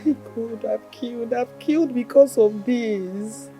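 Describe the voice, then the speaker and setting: A woman's voice: a little high, unhurried, dark tone, faint music behind. An actress playing a desperate, scheming village woman, pleading intensely in a film drama. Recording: echoey room with film score.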